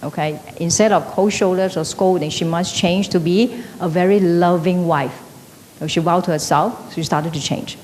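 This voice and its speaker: A woman's voice: fairly even intonation, normal speed, darkish tone. A woman teaching an evening class, lecturing conversationally and checking in with the class through frequent tag questions. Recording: echoey hall with faint rumble.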